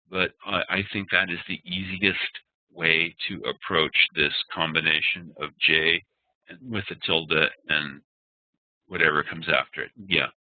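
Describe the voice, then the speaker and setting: A man's voice: deep voice, no room sound. A man teaching an online class, explaining patiently and spelling out sounds one by one. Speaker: Ayurveda instructor. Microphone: computer mic on a web meeting. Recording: dry, tinny web-meeting audio.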